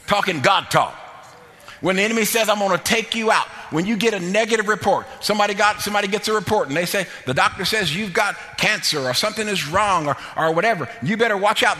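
A man preaching a sermon in a church, with an emphatic, repetitive cadence that often breaks into shouting, then leading prayer and an altar call. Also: sits high. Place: church sanctuary. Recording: long church reverb with faint music.

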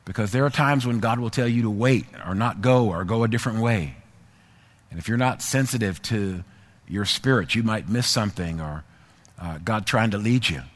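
A pastor with a voice on the low side preaches at a moderate pace, starting with a conversational personal story. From there he repeats phrases and rises to an emphatic exhortation, heard in a long hall reverb.

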